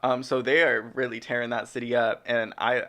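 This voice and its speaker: A man's voice: medium pitch, little pitch movement, brisk, a bit bright. A young man co-hosting a podcast in casual chat, rambling and chatty with lots of ums. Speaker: podcast co-host. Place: podcast studio.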